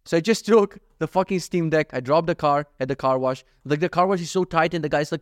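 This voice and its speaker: Fast-talking profane young man. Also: fairly high pitch, no echo, studio quality. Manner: profane, rambling, jokey storytelling. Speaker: podcast host. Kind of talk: casual solo podcast monologue.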